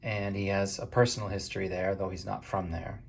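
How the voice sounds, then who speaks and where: A man's voice: low-pitched, little pitch movement, fairly quick, vocal fry, a little hiss or hum. A man from Maine giving a casual spoken book review in a conversational, hesitant way.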